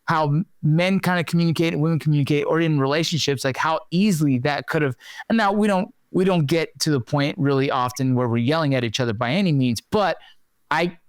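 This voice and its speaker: A middle-aged man hosting a podcast, chatty and animated when he tells stories. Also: fairly high pitch, brisk, smooth, no echo, clean studio sound. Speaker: podcast host. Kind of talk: conversational interview.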